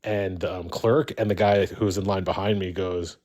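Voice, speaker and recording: A man with a very deep voice tells a story casually, with many "like" fillers and restarts. He speaks plainly and unhurriedly, as if chatting on a live call. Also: fairly even intonation, normal speed, darkish tone. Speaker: caller.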